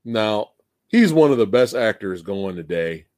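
A man hosting a casual livestream movie chat, talking in an animated, emphatic way and laughing often. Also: fairly low pitch, a little slow, dry recording, studio quality. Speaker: show host.

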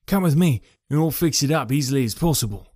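A man voicing an excitable young male clerk in an audiobook, speaking up eagerly. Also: medium pitch, fast, dry recording, studio quality, close to an everyday voice. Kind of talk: audiobook character voice.

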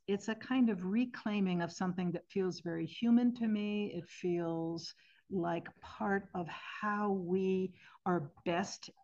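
A woman in her sixties speaks as an interview guest, earnest and reflective, often pausing to rephrase. Her voice sits on the low side. The podcast audio sounds a little dull and muffled. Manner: thoughtful, earnest, with gentle restarts. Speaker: guest, end-of-life singer.

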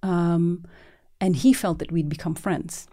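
A documentary filmmaker woman telling her story in an interview, animated and restarting often as she acts out the voices of the people she quotes. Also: on the low side, unhurried.

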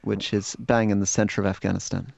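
A man telling his travel stories in a radio interview and reading aloud from his book in a measured, articulate way. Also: fairly low pitch, little pitch movement, creaky, a little mellow, no echo, highs cut off. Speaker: author and guest.

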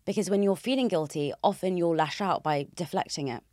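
A young British woman hosting a podcast, making her points in an emphatic, animated way. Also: fairly low pitch, fairly quick, dry recording, clean studio sound. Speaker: podcast host. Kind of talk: casual conversation.

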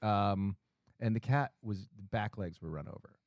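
A man telling a long story in a casual, profane, animated way, often laughing as he talks. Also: lowish voice, moderate pace, dry recording. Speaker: guest storyteller.

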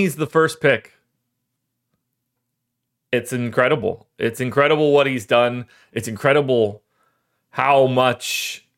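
A man's voice: medium pitch, fairly bright tone, clean tone. Rambling, choked-up male podcast host. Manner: rambling, self-deprecating, emotional about his team. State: voice cracking, choked up. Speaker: fantasy sports podcast host. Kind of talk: casual solo livestream talk.

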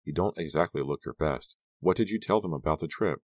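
A steady teenage girl, as a deep-voiced male narrator puts her on, coaxing and insistent as she calms her friend. Her voice is patient and firm, set in a dry, close reading. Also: fairly quick, no echo. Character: steady teenage girl, guilt-ridden but reassuring.

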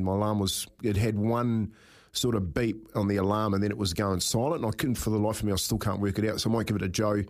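A man hosting breakfast radio, telling a story with lots of laughs and a steady string of "mate". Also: lowish voice. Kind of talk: casual radio banter. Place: radio studio. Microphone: studio microphone.

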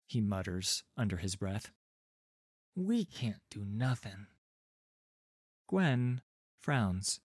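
A man reading a fantasy story aloud in a calm, measured and gently expressive way. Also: fairly low pitch, no echo, studio quality. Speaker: narrator. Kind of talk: scripted storybook narration.

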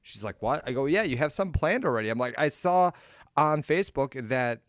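A man's voice: mid-range voice, lively intonation, fairly quick, no room sound. Rambling man telling stories, dry mic. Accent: Upper Midwest American. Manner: rambling storytelling with many fillers, acts out quotes. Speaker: podcast co-host and DJ. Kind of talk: casual chat.

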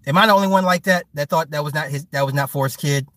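A man giving a crude, joking rant to his stream viewers, laughing often, with his pitch swinging up and down. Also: quick pace, few pauses, sharp tone, dry recording, studio quality.

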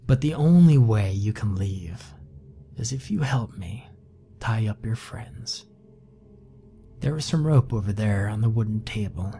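A man's voice: lowish voice, animated, a little slow, long pauses, soft background music. A man whispering as a sadistic cheerful killer. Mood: menacing. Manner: hushed menacing whisper.

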